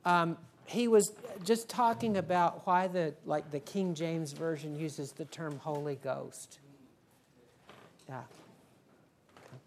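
A woman leading a Bible study, explaining a passage in an unhurried way and checking in with her listeners. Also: low-pitched, a little mellow, slight background noise. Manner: unhurried, asks the group "okay?" often. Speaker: Bible teacher.

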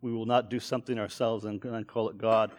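A man's voice: lowish voice, flat delivery, brisk. A man preaching, teaching a text verse by verse and reading each verse aloud with lifted emphasis before explaining it.

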